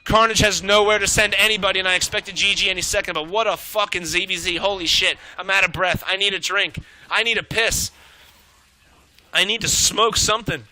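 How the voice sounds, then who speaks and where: A man shoutcasting a live strategy game match, excitable and swearing freely as he calls the action. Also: high voice, low-quality recording. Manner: excitable, swearing, rapid reactions. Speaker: esports shoutcaster. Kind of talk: live play-by-play game commentary.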